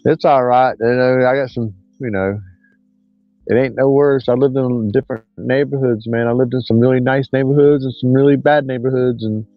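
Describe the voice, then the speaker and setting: A man, rambling through a casual livestream chat as host in a folksy, drawn-out way. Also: medium pitch, dry recording. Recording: dull lo-fi dry sound.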